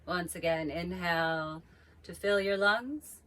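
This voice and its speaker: A woman yoga teacher calmly leading a guided breathing practice with slow, drawn-out cues. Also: fairly low pitch.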